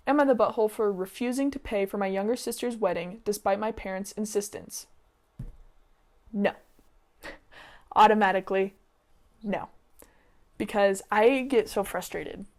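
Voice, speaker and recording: A woman's voice: mid-range voice, a little mellow. A young woman casually reading online stories aloud and giving her opinions on them. She talks in a chatty, opinionated way with lots of "like" and "um", and she gets sidetracked easily.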